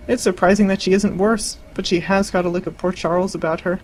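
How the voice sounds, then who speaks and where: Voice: medium pitch, fairly even intonation, fairly quick, darkish tone, slight background noise, close to an everyday voice, low-quality recording. A narrator voicing a stern older woman, prim and disapproving.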